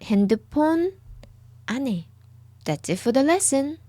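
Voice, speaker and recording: Patient woman teaching Korean words slowly. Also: sits high, sing-song. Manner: patient, repeats each word several times. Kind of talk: slow lesson, repeating words for the viewer.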